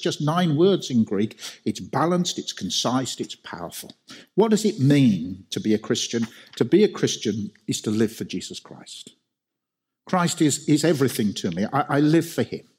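Male preacher, slightly husky tone, emphatic sermon delivery with rhetorical questions. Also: mid-range voice, darkish tone.

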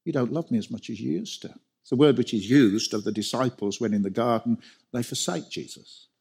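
Male preacher, slightly husky tone, emphatic sermon delivery with rhetorical questions. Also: on the low side, darkish tone.

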